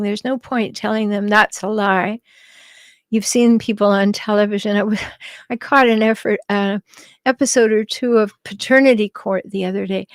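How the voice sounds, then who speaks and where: A middle-aged woman hosting a podcast, calmly answering listener questions with advice and the odd light laugh. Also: medium pitch, dry recording. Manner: calm, advising, light laughs, some restarts. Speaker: podcast host and relationship advisor.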